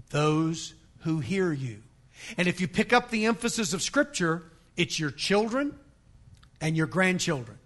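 A male pastor preaching a sermon to a congregation, driving points home with emphatic repetition and forceful rising peaks. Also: high-pitched. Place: church sanctuary.

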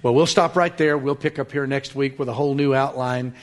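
A man teaching a Bible lesson in sermon style, emphatic, slowing down to stress points and sometimes dropping to a whisper. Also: mid-range voice, fairly even intonation. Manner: emphatic, slows for stress, drops to a whisper at times. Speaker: preacher.

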